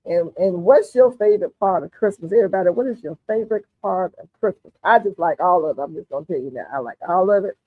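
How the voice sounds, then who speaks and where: A woman's voice: on the low side, quick pace, hardly any pauses, no room sound. A woman hosts a gardening livestream, chatting with viewers in a folksy way and calling them honey and darling. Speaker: gardening channel host. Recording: tinny phone-like audio, dry.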